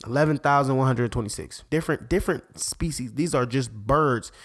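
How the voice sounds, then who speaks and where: A man, a parent, hosting a faith podcast in an excitable, rambling monologue that keeps interrupting itself. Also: mid-range voice, fairly quick. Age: adult parent. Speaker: podcast host.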